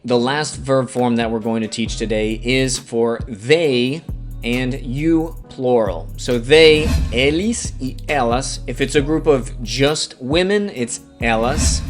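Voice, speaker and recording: A man from Alabama with a Southern American accent, teaching a beginner language lesson patiently, spelling out words and repeating examples. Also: mid-range voice. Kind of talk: scripted beginner grammar lesson. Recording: faint guitar music underneath.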